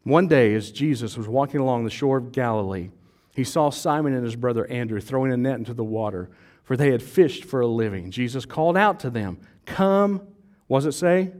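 A male pastor delivers a sermon during a church service, animated and conversational as he quizzes and jokes with the congregation. His voice is medium-pitched and fairly quick.

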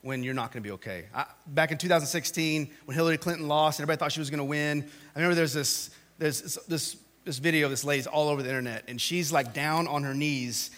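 A man preaching a sermon, talking to the congregation in a casual way, with loud, animated bursts of emphasis. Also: on the high side, quick pace, hardly any pauses. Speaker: pastor.

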